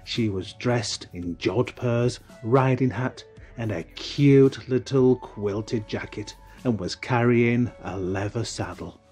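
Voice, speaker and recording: A man reading an audiobook in the first person, slow and wistful. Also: mid-range voice, darkish tone, faint music behind. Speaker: audiobook narrator. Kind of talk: first-person storybook narration.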